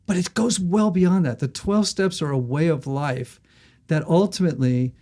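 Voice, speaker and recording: A man's voice: fairly high pitch, moderate pace. A middle-aged man, an author and guest, telling stories animatedly in conversation and acting out the voices in them. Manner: lively, acts out voices in anecdotes.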